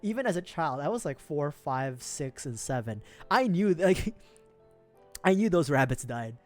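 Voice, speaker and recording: A man's voice: on the high side, big pitch swings, unhurried, darkish tone, soft background music. A man from the Philippines, streaming, telling a story casually, laughing often and swearing freely.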